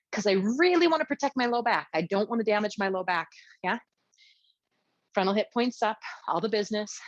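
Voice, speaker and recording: A woman teaching a yoga class, giving chatty, encouraging cues and checking in with a quick "yeah?" as she goes. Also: mid-range voice, dry recording. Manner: chatty, encouraging, frequent "yeah?" check-ins, light laughs. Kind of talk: guided yoga class instruction. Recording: dull, dry lo-fi sound.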